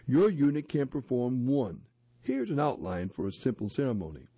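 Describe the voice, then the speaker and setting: Man reading aloud, warm mellow tone, dry muffled audio. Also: medium pitch, wildly swooping pitch, normal speed, husky, no room sound. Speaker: narrator, reader. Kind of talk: storybook and handbook read-aloud. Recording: dull lo-fi dry recording.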